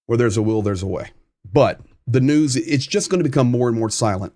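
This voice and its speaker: A man with a Southern American accent hosting a live-stream news update, talking conversationally, reading viewer comments and often pausing with "um.". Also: medium pitch, dark tone, dry recording, clean studio sound. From United States.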